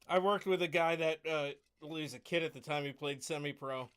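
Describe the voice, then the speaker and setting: A man's voice: on the high side, fairly quick, fairly bright tone, clear, resonant tone. A man co-hosting a podcast in casual chat, telling stories in an easygoing way and chuckling often. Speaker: podcast co-host.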